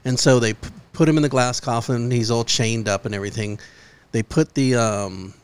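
Smooth-voiced man telling a story. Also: mid-range voice, normal speed, no echo. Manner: relaxed, tells a story step by step with fillers. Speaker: podcast co-host. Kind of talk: casual storytelling.

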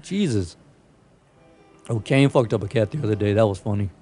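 A man's voice: fairly low pitch, animated, moderate pace, dark tone, faint music behind. A young man hosting a podcast, telling stories in a casual, profane way and often breaking into laughter. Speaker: podcast host. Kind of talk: casual chat.

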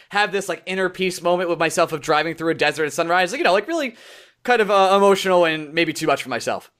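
A young man co-hosting a podcast, telling a story in casual chat and acting out quotes with a lively voice. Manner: animated, acts out quotes in higher voice. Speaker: podcast co-host.

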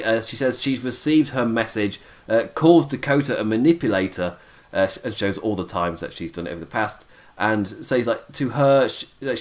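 A tired man hosting a casual podcast, chatty and laughing often, his voice wearing out. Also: medium pitch. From United Kingdom. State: tired, voice going. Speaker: podcast host reviewing wrestling. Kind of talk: casual chat.

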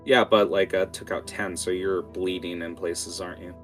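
A man narrating as game master of a tabletop game in a relaxed, halting way, with many fillers. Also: deep voice, over music.

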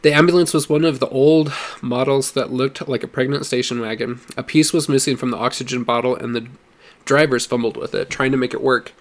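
Reading a story aloud, this male audiobook narrator keeps his mid-range voice steady and measured.

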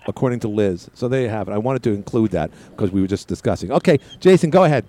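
A man's voice: lowish voice, lively intonation, fast talker, few pauses, mellow. A man hosting a talk radio show, rambling and tripping over his words, often cutting callers off. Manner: interrupts callers. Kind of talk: casual talk radio chat.

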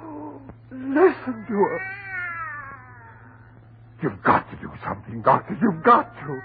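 A frantic husband in an old radio horror play, pleading and crying out. His voice is fairly high and climbs and drops wildly, with slow, drawn-out words. It is heard through a tinny old broadcast recording with faint hiss. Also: wildly swooping pitch, heavily acted. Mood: anguished. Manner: overwrought, pleading, cries out. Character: anguished husband driven near madness. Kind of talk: 1940s radio acting.

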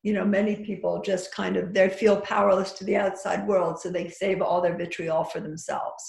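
A woman's voice: mid-range voice, little pitch movement, moderate pace, vocal fry, a little mellow, reverberant. A woman talking as a podcast guest who teaches psychic workshops, chatty and full of restarts and advice. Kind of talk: casual podcast chat.

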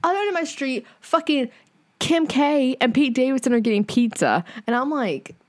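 A woman's voice: high-pitched, animated, normal speed, darkish tone. Chatty, swearing woman podcast host. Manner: chatty, swears casually, lots of fillers. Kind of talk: casual chat.

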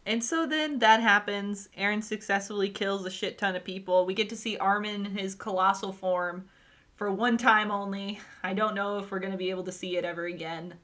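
A woman talking casually on a podcast, animated and swearing as she rants about a show. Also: mid-range voice, a little fast. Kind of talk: casual chat.

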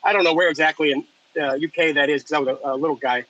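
A man's voice: a little high, fairly even intonation, rapid-fire, sharp tone, lo-fi sound. A man chatting casually on a podcast, telling rambling, enthusiastic stories. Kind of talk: casual chat.

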